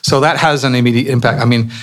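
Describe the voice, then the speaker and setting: A man from England with an English accent, a podcast guest answering questions in a relaxed, rambling way. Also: medium pitch, fast talker, slight background noise. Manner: relaxed, rambling with restarts and "you know". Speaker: podcast guest, company executive. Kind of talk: casual interview talk.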